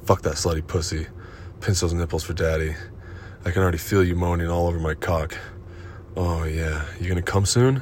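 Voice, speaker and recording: Deep-voiced commanding man, erotic role-play. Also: flat delivery, a little fast, darkish tone, a little hiss or hum. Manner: commanding, dominant, profane; breathy moans between lines.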